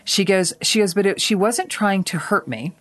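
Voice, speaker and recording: A woman's voice: medium pitch, expressive, normal speed, a bit bright. A woman co-hosting a podcast, telling a rambling story in casual chat, swearing freely and laughing often. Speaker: podcast co-host.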